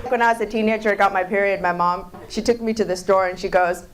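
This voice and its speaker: A woman comedian who grew up in Seattle, telling stories in a stand-up set with deadpan delivery and abrupt punchlines. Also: mid-range voice, fast talker, slight background noise, low-quality recording. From came to the US at age four, grew up in Seattle.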